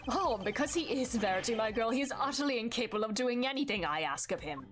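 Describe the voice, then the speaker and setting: A cold, dismissive older chairman, read aloud by a woman in a high voice. He sneers at those around him over soft game music. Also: animated, fast. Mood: scornful.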